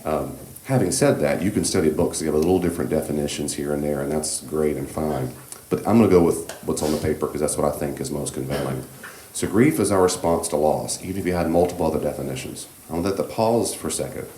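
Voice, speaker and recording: Very deep-voiced man teaching a church class. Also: fast, hardly any pauses. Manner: gentle, reassuring, conversational with frequent asides. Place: church meeting room. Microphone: handheld microphone. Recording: echoey room with faint background hiss.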